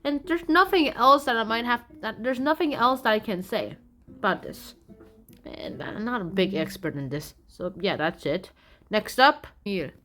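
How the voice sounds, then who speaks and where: A woman's voice: a little high, animated, moderate pace, a bit bright, faint music behind. A woman casually summarizing science news from a magazine, in a loose, rambling way with playful asides.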